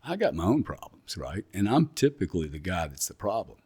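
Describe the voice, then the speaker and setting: A middle-aged man speaks with an English accent in a very deep, low voice. He talks bluntly and with emphasis, often repeating points as he answers casual interview questions. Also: very animated, brisk, warm tone, husky. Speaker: guest.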